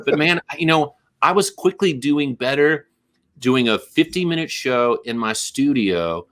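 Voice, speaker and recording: A man talking in a rambling, self-mocking way as a podcast guest. His voice sits at an ordinary middle pitch, and he loses his thread in long tangents. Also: expressive, measured pace, fairly bright tone. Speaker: musician guest. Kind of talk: casual podcast chat.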